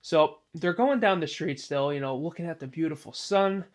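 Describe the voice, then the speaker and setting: Rambling male storyteller, slightly high voice. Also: moderate pace. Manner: rambling, many "you know" asides. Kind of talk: improvised spoken story narration.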